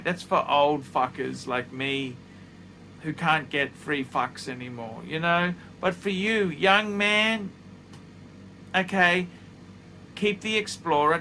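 Slow, bright-voiced blunt man in his fifties. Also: fairly high pitch, a little hiss or hum. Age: 50s. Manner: blunt, profane, emphatic. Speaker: watch reviewer. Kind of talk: casual advice monologue. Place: office studio.

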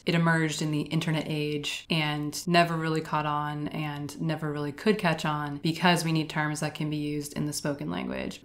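A woman hosting an explainer video, speaking in a measured, explanatory way with the odd dry aside. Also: low voice. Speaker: video essay host. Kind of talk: scripted explainer monologue.

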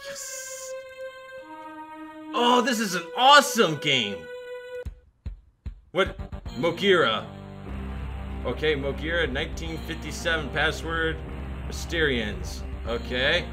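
A man hosting a gaming video, giving excitable let's-play commentary full of shouting and goofy repeated chants. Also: fairly high pitch, takes it slowly, long pauses. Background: game music.

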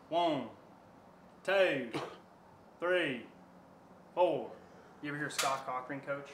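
A man's voice: fairly high pitch, slow pace, long pauses. A man coaching a lifter in a gym, counting reps aloud and swearing to push him on. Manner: loud counting and swearing encouragement. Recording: echoey gym with faint noise.

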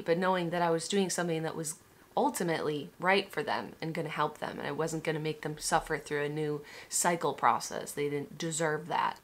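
Young woman, lowish voice, casual vlog monologue, candid, emotional, swears a lot. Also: a bit bright. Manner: candid and emotional, swears freely, full of restarts. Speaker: vlogger.

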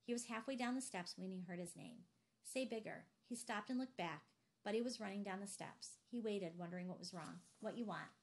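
Audiobook narrator, woman; steady, measured reading of a novel. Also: medium pitch. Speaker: audiobook reader.

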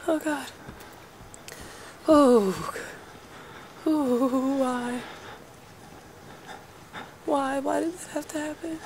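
Gravelly-voiced woman muttering through a game. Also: sits high, very slow, long pauses, background noise. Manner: nervous, muttering and swearing to herself. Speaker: let's play gamer. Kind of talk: horror game let's play commentary.

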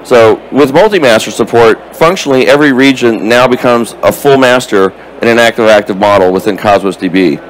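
A man in a middle register gives a live conference session on a database product, speaking casually and stopping often on fillers. His voice is going hoarse and he clears his throat now and then. A faint hum of room noise sits under the talk. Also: mid-range voice, brisk, hardly any pauses, low-quality recording. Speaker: conference presenter.

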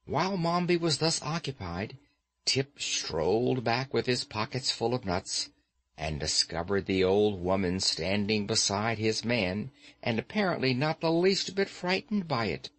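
A male audiobook narrator who reads slowly and expressively. His pitch rises and falls with the story, and the dry, close sound leaves nothing around his voice. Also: lively intonation, fairly bright tone, no echo. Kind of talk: scripted narration.

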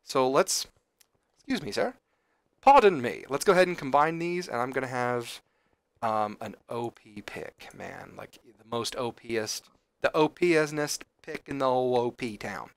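A man hosting a gaming channel, chatting casually as he plays, excitable and chatty, often exclaiming. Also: medium pitch, a little slow, creaky, smooth, dry recording. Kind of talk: casual game commentary.

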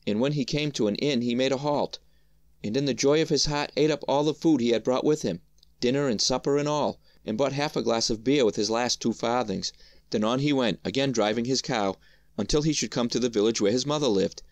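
A man reading a fairy tale aloud as storyteller, in a measured, even manner. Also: medium pitch, no echo, clean studio sound.

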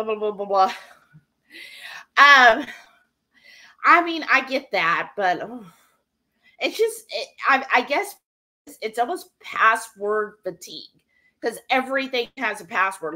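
Broadcasting live from her own kitchen, this cooking streamer speaks in a sharp, fairly high voice. Her talk is loose and wandering, packed with fillers, as she reads out comments from viewers.

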